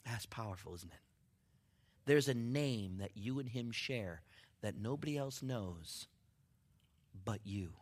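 A man preaching a sermon in a conversational, humorous way, dropping to near-whispers and then rising to excited shouts. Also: mid-range voice, slow, long pauses. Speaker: pastor.

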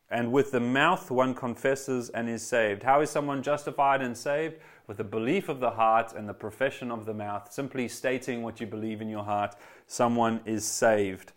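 A man preaching a sermon, earnest and emphatic, repeating key phrases and speaking directly to his congregation. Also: medium pitch. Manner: eager, addresses congregation directly.

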